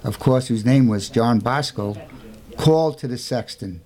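A man in a middle-pitched voice telling a saint's story on a talk show. He speaks conversationally and punches key points with emphatic rhetorical questions. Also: measured pace, a little mellow.

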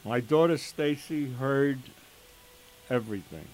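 An older man slowly telling his own emotional story as a father, in an earnest way with quoted dialogue. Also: medium pitch, darkish tone. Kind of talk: personal testimony storytelling. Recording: faint hiss behind the voice.

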